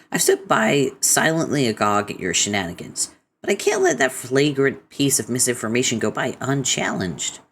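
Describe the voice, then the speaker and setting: A man's voice: sits low, gravelly, fairly bright tone, slight background noise, exaggerated voice. A man voicing a prim, proper young woman in a webcomic read-aloud, formal and fussy.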